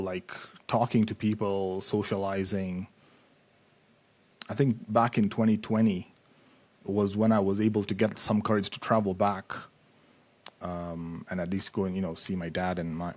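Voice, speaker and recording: A man's voice: sits low, darkish tone. A man telling his own story in a casual podcast conversation, subdued, swearing often and trailing off. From Kenya.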